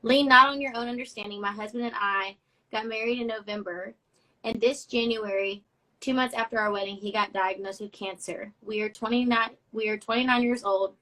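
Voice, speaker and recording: A young woman with a drawl hosts a casual live stream and reads fan messages aloud. Her voice is bright and a little high. She talks in a chatty, effusive way. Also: fairly even intonation, fairly quick, poor audio. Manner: chatty and effusive, gets emotional reading notes. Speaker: host of a live social media show.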